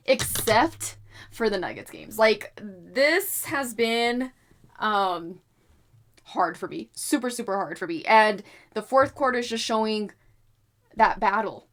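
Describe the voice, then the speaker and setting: A young adult woman with a mid-range voice reads tarot cards to predict basketball games, chatting casually with her viewers. She's animated, swears freely, and apologizes often.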